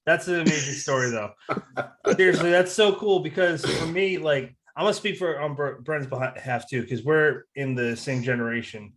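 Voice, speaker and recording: A man's voice: a little high, a little fast, fairly bright tone. A man co-hosting a podcast, asking questions with enthusiastic, joking energy and casual swearing. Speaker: podcast co-host.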